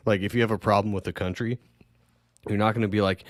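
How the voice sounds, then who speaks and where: Man, low voice, dry close mic, animated podcast chatter, swears a lot. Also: quick pace, dry recording. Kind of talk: casual podcast chat.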